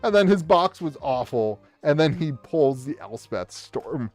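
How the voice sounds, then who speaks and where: An excitable man hosts a live stream at a table in his home setup, opening card packs for viewers and hyping big pulls with cheers and shouts. His voice is a little high and his pace measured, though he rambles and restarts sentences often. There's no room sound, just faint music behind.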